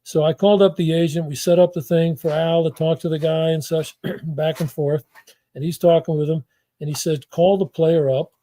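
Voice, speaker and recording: A man's voice: a little high, level tone, moderate pace, warm tone, no echo. An older man, a former football front-office executive, telling rambling stories as an interview guest, with lots of restarts and acted-out quotes. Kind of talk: anecdotal interview storytelling.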